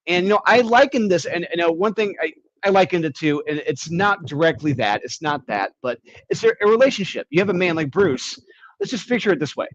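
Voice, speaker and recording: A man's voice: high voice, expressive, fairly quick, dry recording, dull audio. A man co-hosting a comics podcast, talking casually and building long analogies. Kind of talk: casual chat.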